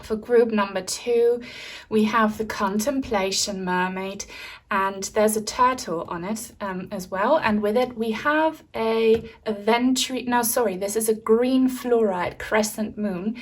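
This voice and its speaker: Gentle woman tarot reader, slow and soothing, mid-range pitch, slightly breathless. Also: steady tone. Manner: gentle, soothing, open-hearted delivery. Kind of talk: pick-a-card tarot reading.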